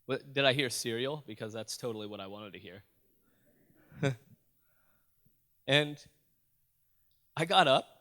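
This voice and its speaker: A man speaking onstage at a school assembly, in a storytelling keynote. He is animated, asks the crowd questions and jokes with them. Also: medium pitch, measured pace, pauses often. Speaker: motivational youth speaker. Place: school auditorium.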